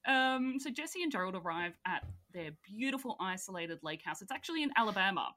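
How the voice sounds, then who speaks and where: A young woman co-hosting a casual chat, telling animated stories, laughing often and acting out quotes. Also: mid-range voice, fairly quick. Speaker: podcast co-host.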